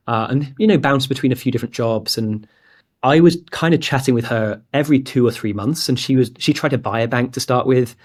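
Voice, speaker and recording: An English startup founder in his late twenties has a mid-range, darkish voice. In a casual interview as the guest, he tells his startup story candidly and rambles, using "like" a lot.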